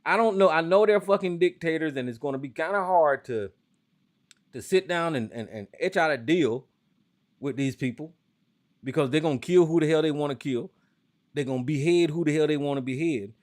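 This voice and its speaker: A man hosting a call-in talk show from the United States, ranting hotly with lots of cursing, then dropping into a slower, lower drawl. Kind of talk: profane political rant and call-in talk.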